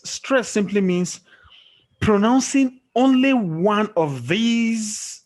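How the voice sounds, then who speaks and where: His voice sits on the high side and has a slight roughness as he teaches English online. He stays patient, quizzes the class, and checks comprehension again and again with "okay?" This was recorded via a screen-sharing call or recording.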